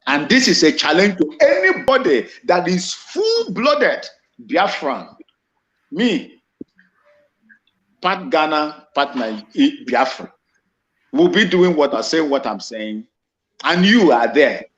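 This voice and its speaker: A man's voice: a little high, sing-song, takes it slowly, pauses often, fairly bright tone. A man with a Nigerian accent giving an impassioned monologue, emphatic and repetitive, often restarting his phrases. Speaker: commentator. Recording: dull lo-fi recording.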